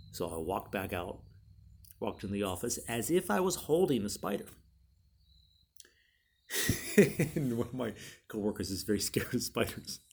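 Animated gravelly-voiced man telling stories. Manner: animated, acts out quotes in high voices. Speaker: podcast host. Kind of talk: casual storytelling monologue.

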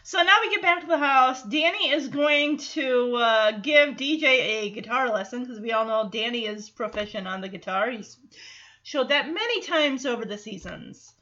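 A woman hosting a casual sitcom recap, chatty and animated, acting out the characters' lines. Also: fairly high pitch, normal speed, muffled recording. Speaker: podcast host recapping a sitcom. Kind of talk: casual chat.

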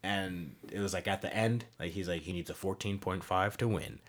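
A man in his thirties hosts a podcast in an easygoing, rambling chat. His voice sits a little low, and he swears casually. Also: moderate pace. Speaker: podcast host.

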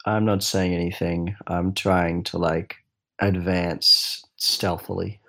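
Low-ish guy player, thinks out loud, lots of uh and restarts. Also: little pitch movement, slow, gravelly. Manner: thinking aloud, hesitant, many restarts. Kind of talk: casual tabletop game play.

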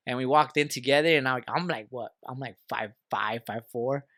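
A man's voice: mid-range voice, a little fast, bright, forceful tone, dry recording. A man co-hosting a podcast in a studio, telling stories in a rowdy, profane, slang-heavy casual chat. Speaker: podcast co-host.

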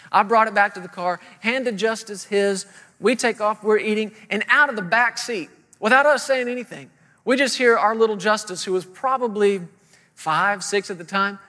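Bright-voiced pastor telling stories. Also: male voice, sits high, in a large hall. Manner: storytelling, acting out voices, humorous. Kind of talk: sermon.

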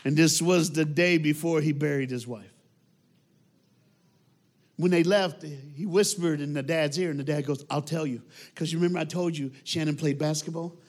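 A man telling a story from the stage, animated and talking straight to his audience. His voice sits a little on the high side. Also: normal speed. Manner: animated, talks straight to the crowd.

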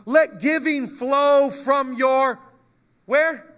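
Drawing out his words in a very high voice, a male pastor jokes with his congregation and reads passages of scripture during an energetic sermon.

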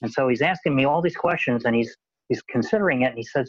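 A man's voice: mid-range voice, quick pace, lo-fi sound. A man in casual conversation, rambling and often repeating his words. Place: Los Angeles.

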